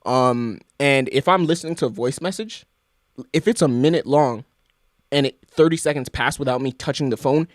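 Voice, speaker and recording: A man's voice: medium pitch, normal speed, dry recording, studio quality. A young man, co-hosting a casual podcast chat in a loose, slangy way. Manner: laid-back, loose slangy talk. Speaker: podcast co-host.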